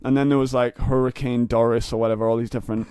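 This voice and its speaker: Rambling man, crisp dry sound. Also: medium pitch, level tone, fast, mellow, no room sound. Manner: rambling, stammering restarts, laughs often. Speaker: comedian guest. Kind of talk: casual storytelling chat.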